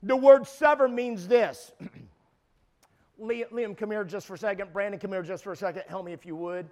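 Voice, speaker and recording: A man around sixty preaching a sermon, emphatic, repeating his words and building to shouted peaks. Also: sits high, normal speed.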